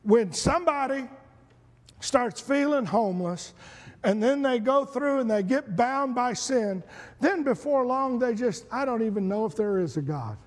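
High-voiced pastor preaching in a reverberant church. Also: male voice, lively intonation, a little slow. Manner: rising to shouted, fervent preaching. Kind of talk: preaching sermon. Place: church sanctuary. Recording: long hall reverb.

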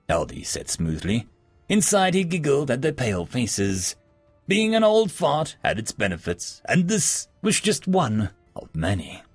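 A male narrator reading a fantasy story aloud. His voice is gravelly and husky and moves a lot in pitch. The sound is dry and close. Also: very animated, moderate pace, dry recording, soft background music. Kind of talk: audiobook narration.

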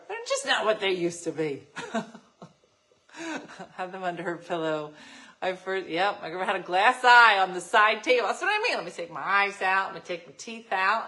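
A woman hosting a morning show, telling lively family stories with frequent laughter. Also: mid-range voice, poor audio. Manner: animated and laughing, acts out voices in anecdotes. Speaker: radio show host. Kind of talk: casual chat, storytelling.

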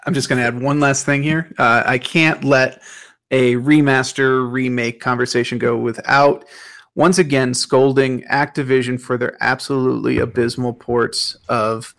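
A man with a gravelly, creaky voice co-hosts a casual gaming podcast. He talks emphatically, picking apart bad remasters with firm conviction, and his voice is worn and starting to go. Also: medium pitch, flat delivery, moderate pace, fairly bright tone. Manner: ranting, emphatic about game prices. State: losing his voice. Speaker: podcast co-host.

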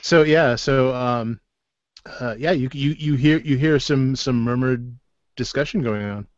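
A man narrating as game master in a tabletop game, halting and full of restarts. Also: mid-range voice, no echo. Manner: halting, many fillers and restarts. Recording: dry, dull lo-fi sound.

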